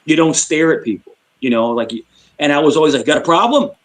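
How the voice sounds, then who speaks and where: A middle-aged man from Queens with a New York accent talks in a casual group chat on a stream. He jumps between rapid bursts and a slowed, calming tone, and uses a lot of fillers along the way. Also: fairly high pitch, rough recording. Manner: switches between fast-talking and slow, calm delivery; chatty, with many fillers. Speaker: stream panelist.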